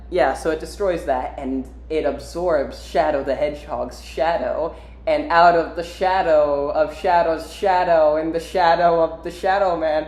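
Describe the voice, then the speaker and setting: A man hosting a casual game recap, rambling with lots of fillers. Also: on the high side. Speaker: host. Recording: roomy echo.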